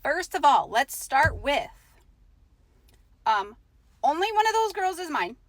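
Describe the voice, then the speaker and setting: A woman's voice: high voice, very animated, slow pace. A woman from Utah speaking as a mother in a video clip, firm and insistent. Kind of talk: talking to a phone camera.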